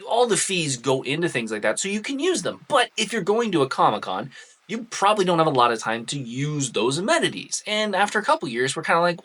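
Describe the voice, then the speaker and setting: A man, casually telling a personal anecdote to the camera in a chatty, relaxed way with plenty of ums and uhs. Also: on the high side, fairly quick. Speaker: cosplay vlogger.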